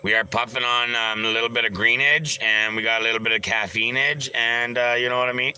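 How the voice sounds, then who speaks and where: A man's voice: medium pitch, fairly even intonation, brisk, few pauses, sharp tone, a little hiss or hum, rough recording. A man hosting a casual livestream, rambling and joking as he greets viewers by name and answers their chat. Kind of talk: casual live-stream chat.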